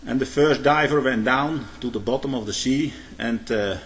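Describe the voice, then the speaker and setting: A man preaching a sermon. He tells illustrative stories, pauses on hesitations, and keeps adding a questioning "eh?". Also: mid-range voice, fairly bright tone. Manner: frequent "eh?" tag questions, halting restarts. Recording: long hall reverb.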